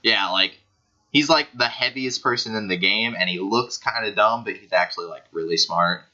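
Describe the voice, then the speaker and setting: A man's voice: on the low side, moderate pace, sharp tone. A man giving rambling, easily amused gaming commentary as a YouTuber, recorded on a computer microphone. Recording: dull lo-fi screen recording.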